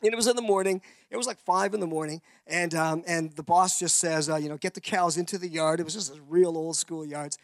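A man's voice: on the high side, brisk, hardly any pauses, no echo. A man from Canada, giving a rambling testimony sermon full of restarts and acted-out voices.

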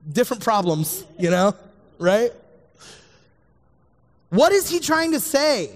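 A man with a high voice giving a casual sermon, chatty and jokey, often checking in with his listeners. His voice rings out with a long echo, as in a large hall.

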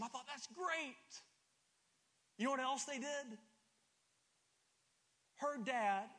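A middle-aged man preaching a sermon, emphatic and stumbling over repeated words, swinging between loud and soft. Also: high voice. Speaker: pastor. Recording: long hall reverb.

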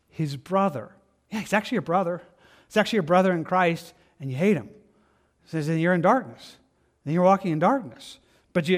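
An American man, a pastor, preaching a conversational sermon and acting out people's excuses in quick little voices. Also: sits high.

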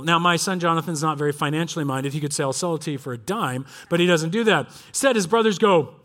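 A middle-aged man preaching a sermon with animated delivery, dropping at times to hushed tones. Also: a little high, brisk, few pauses. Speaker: pastor.

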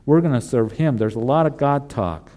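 A man's voice: medium pitch, moderate pace, dark tone. A male pastor preaching a sermon in an earnest way, repeating emphatic refrains.

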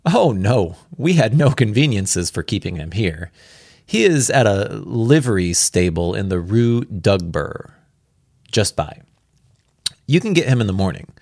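A man reading aloud the lines of a shrewd, composed French gentleman detective in a storybook reading, measured and courteous. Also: lowish voice, big pitch swings, breathy edge, no room sound, clean studio sound, exaggerated voice.

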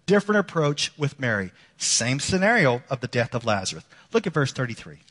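A man preaching a sermon as a pastor, earnest, moving between emphatic lines and hushed ones. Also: mid-range voice, very animated, a little fast. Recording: long hall reverb.

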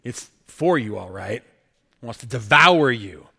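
A man's voice: mid-range voice, expressive, measured pace, vocal fry, sharp tone, husky, big-room sound. A male pastor preaching a sermon emphatically, often checking in with rhetorical questions.

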